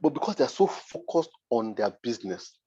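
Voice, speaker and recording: A man's voice: mid-range voice, sing-song, normal speed, warm tone, slightly rough, lo-fi sound. A Nigerian man, a design mentor, giving a motivational masterclass talk, emphatic and repeating his points for force.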